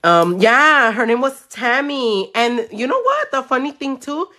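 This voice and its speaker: A woman nail artist, telling a story casually while she does nails at home, animated, swearing freely and slipping into Spanish. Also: high-pitched, unhurried. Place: home room.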